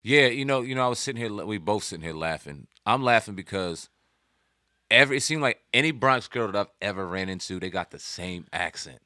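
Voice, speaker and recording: A man's voice: on the low side, lively intonation, brisk, bright, forceful tone, no echo, studio quality. A man hosting a hip hop news show, commenting in a loose, slangy, conversational way. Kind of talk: casual commentary.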